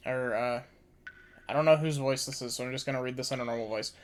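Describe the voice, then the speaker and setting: A man streaming a video game live, chatting casually and reading the on-screen dialogue aloud. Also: medium pitch. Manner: casual, slow, swearing reactions. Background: video game music.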